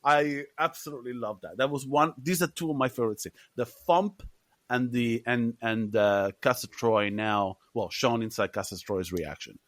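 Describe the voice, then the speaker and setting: A man's voice: medium pitch, normal speed, fairly bright tone, no room sound. A man co-hosting a film podcast, talking animatedly with lots of swearing and laughter. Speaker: podcast co-host. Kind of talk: casual film chat.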